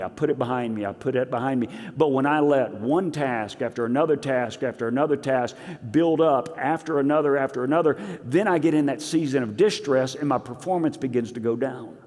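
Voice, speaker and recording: A man's voice: medium pitch, fairly quick. Male pastor preaching in a reverberant hall. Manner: animated preaching, swinging between loud emphasis and quiet asides. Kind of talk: sermon. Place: church sanctuary.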